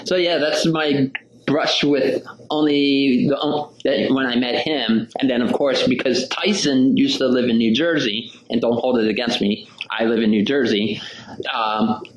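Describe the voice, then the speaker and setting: A man in his forties hosts a podcast in a casual, chatty way and spins an anecdote full of "I'm like" and "he's like". His voice sits at a middling pitch. The room is echoey and roomy around him. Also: fairly even intonation, unhurried, a crowd in the background. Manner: chatty storyteller, relays dialogue with lots of "I'm like". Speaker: podcast host. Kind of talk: casual interview chat, telling an anecdote.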